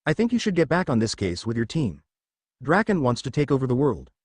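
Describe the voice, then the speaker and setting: A man's voice: mid-range voice, sing-song, a little fast, no room sound. A man voicing a kindly, mildly lecturing middle-aged father in a read-aloud story, close to his own voice. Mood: fatherly.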